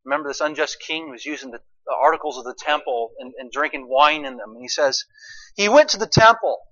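A man preaching a sermon, swinging from quiet asides to loud, emphatic lines and asking his listeners rhetorical questions. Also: on the high side, expressive, a little fast, highs cut off. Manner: asks the congregation rhetorical questions.

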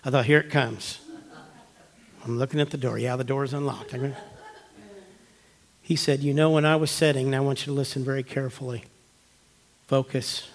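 Storytelling pastor, hushed then emphatic. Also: male voice, medium pitch, steady tone, a little fast, vocal fry, long pauses. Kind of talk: sermon. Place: church.

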